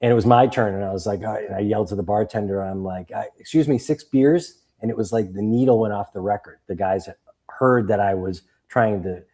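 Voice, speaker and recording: A man's voice: on the low side, fast talker. A man in his fifties from Boston, a guest author and coach telling stories in a casual interview and acting out the voices of people he quotes. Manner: animated storyteller who acts out quoted voices.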